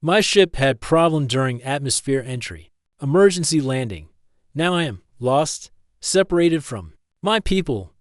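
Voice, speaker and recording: A man voicing a polite, formal young alien princess who speaks in simple, halting English. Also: mid-range voice, animated, dry recording, studio quality, lightly acted. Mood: earnest.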